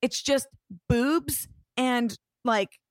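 A woman in her thirties casually telling an animated story, swearing now and then and acting out what people said. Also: fairly high pitch, extremely slow, no echo, clean studio sound.

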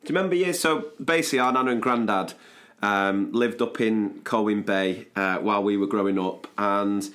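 A man hosts a podcast in casual chat, chirpy and joking at a normal speed. When recounting events, he sometimes drops into a low, soft voice.

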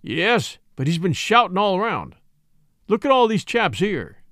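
A man voicing a rough, bad-tempered male bush publican who blusters and shouts. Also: high voice, very animated, measured pace, dry recording, studio quality, full character voice. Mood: defensive.

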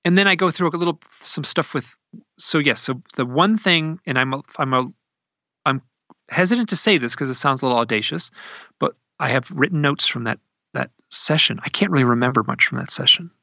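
A man's voice: a little high, lively intonation, fairly quick, vocal fry, sharp tone, no room sound, lo-fi sound. A man from Idaho, a guest telling a personal story in a casual, rambling way with many restarts. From Idaho, USA.

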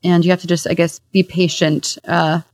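A woman's voice: lowish voice, level tone, normal speed, a little mellow, no room sound. A woman comedian from the United States, a guest on a podcast, talking in an ironic, chatty way with many fillers over a remote link. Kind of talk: casual interview chat.

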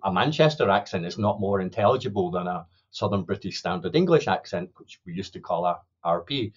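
A middle-aged man with a lowish voice talks through his research as an interview guest, pausing, restarting and adding "you know" as he thinks. The sound is a little dull and lo-fi. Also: slightly rough. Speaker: sociolinguistics academic guest. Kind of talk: podcast interview, explaining research.

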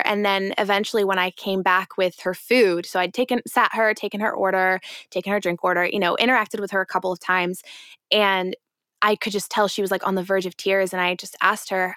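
A young woman co-hosting a faith-based podcast, telling a personal story in an earnest, reflective way and slowing down on key points. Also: mid-range voice, fairly bright tone, clear, resonant tone, no echo, studio quality. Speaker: podcast co-host.

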